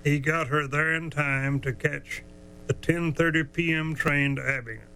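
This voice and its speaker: A man spins a folksy tale in a bright, forceful voice pitched a little high. He drawls and chuckles along, and stretches out the tense moments. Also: steady tone, creaky, slight background noise, poor audio. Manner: drawling, chuckling, dramatic slowdowns. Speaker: storyteller. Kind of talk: folksy storytelling.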